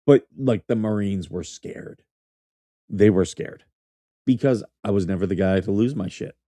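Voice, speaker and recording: In this dry recording, a podcast host who once served as a military officer spins loose, foul-mouthed stories, chuckling as he goes. The middle-aged man speaks in a lowish, dark-toned voice without hurrying. It's relaxed storytelling talk.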